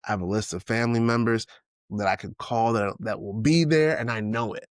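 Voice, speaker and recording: Solo podcast host, man in his 40s, low voice, dry close sound, candid and searching. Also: fairly quick, no room sound. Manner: reflective, thinks out loud with many restarts and "you know what I'm saying"; candid and emotional, swears casually. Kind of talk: unscripted solo podcast monologue.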